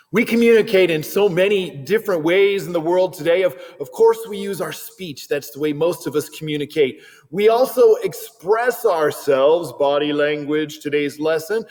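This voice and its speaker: A man giving a Christian video lesson on body language in a lively, animated way, now and then acting out short quoted voices. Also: a little high, long reverb tail. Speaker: Christian teacher.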